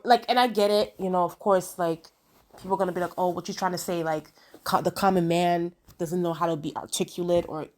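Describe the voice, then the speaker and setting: A woman giving a casual, animated opinion rant straight to her viewers, repeating words for emphasis and talking to them directly. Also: medium pitch. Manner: conversational, addresses viewers directly. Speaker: wrestling commentary vlogger.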